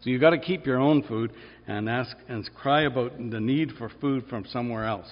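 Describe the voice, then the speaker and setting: A man preaching a sermon, lively and conversational, acting out quoted cries in a high, strained voice. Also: moderate pace. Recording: dull sound, long reverb in a large hall.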